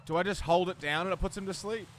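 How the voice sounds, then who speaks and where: A man's voice: high voice, fairly even intonation, fast, slight background noise. A man streaming a game live, chatting casually with viewers and poking fun at himself. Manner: chatty, talks to chat, self-deprecating. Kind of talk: live gameplay commentary.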